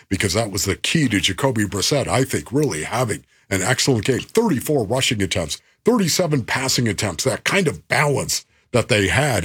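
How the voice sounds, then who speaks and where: A man hosting sports talk radio, animated and driving points home with repetition. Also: mid-range voice, slightly rough.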